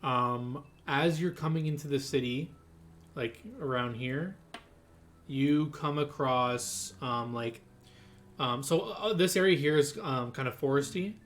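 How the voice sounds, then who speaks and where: A man's voice: mid-range voice, unhurried, fairly bright tone. Rambling male game master narrating. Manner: rambling, full of fillers and restarts.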